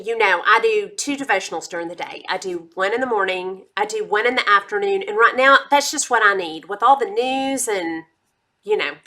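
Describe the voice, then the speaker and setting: A woman's voice: a little high, sharp tone. A middle-aged woman, chatting casually about her monthly favorites with enthusiastic asides. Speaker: beauty and lifestyle vlogger.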